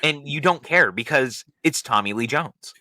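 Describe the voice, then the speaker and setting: A man's voice: medium pitch, lively intonation, moderate pace, sharp tone, no echo, studio quality. A middle-aged man co-hosting a casual film review podcast, enthusiastic and laughing often. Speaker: podcast co-host.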